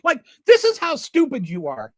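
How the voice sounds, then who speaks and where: Exasperated host in a lively, dry rant. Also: high voice, moderate pace, no room sound. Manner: exasperated, sarcastic. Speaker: channel host. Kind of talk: ranting political commentary.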